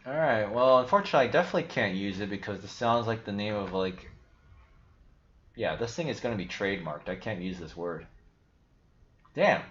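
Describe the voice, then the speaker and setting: A man's voice: lowish voice, expressive, fairly quick, pauses often, a bit bright. A man hosting a casual livestream, thinking aloud in a rambling, self-interrupting way and swearing casually. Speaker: livestream host. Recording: echoey, dull lo-fi stream audio.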